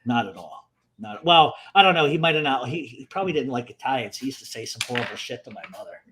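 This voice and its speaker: A man speaking as a guest on a live online show, telling stories bluntly, with profanity and dark jokes. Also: mid-range voice, animated, fast talker, background noise. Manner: blunt, profane, darkly joking. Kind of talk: casual storytelling.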